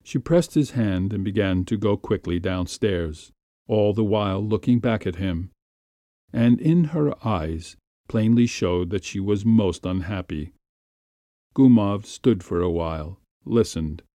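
A man reads a classic story aloud at a measured, unhurried pace. His voice is low with a very dark, mellow tone. The recording is close and dry. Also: no room sound. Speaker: narrator. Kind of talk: audiobook reading of a classic story.

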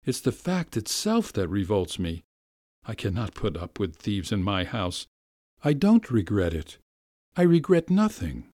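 A man's voice: lowish voice, wildly swooping pitch, measured pace, a little mellow, no echo, clean studio sound, heavily acted. A man reading a story aloud, voicing a weary, indignant wealthy middle-aged lady. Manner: weary, self-pitying, indignant.

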